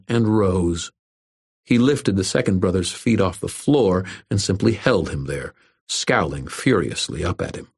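Deep, husky male audiobook narrator. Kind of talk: first-person fantasy audiobook narration.

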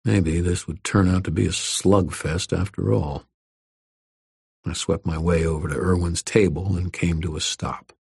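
A man narrates a first-person story at a measured, even pace. His voice sits very low and carries a husky grain. The recording is dry and close, with no room echo. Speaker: audiobook narrator.

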